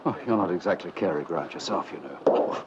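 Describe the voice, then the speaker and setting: An actor playing an English lord posing as a Southern gentleman, with a put-on Southern American drawl and a courtly, dry, mocking manner. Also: low voice, a little fast, close to an everyday voice. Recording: dull 1970s TV sound, loud noise.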